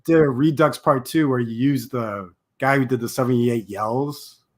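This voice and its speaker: A man guesting as a filmmaker on a casual movie review chat, relaxed and chatty, trailing off with fillers. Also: medium pitch, moderate pace.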